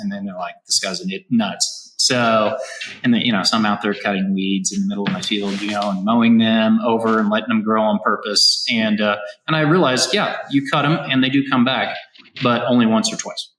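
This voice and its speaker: A man with a low voice tells his farming story as an interview guest, energetic and full of restarts. He sounds from Kansas. The room around him is echoey. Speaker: farmer and robotics company founder, guest. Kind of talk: casual interview conversation. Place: on a farm.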